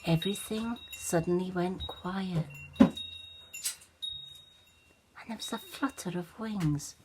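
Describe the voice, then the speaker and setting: An older woman reading a children's story aloud with an expressive, animated manner. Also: on the low side, slow, heavy background noise.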